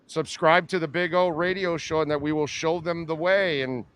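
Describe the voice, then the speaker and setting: A man's voice: a little high, steady tone, normal speed, a bit bright, smooth. A man hosting a live sports talk show outdoors, bantering and teasing his guest, speaking through a face mask in the wind. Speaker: sports radio show host. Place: outdoors outside a cigar bar in strong wind. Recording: faint wind and outdoor noise.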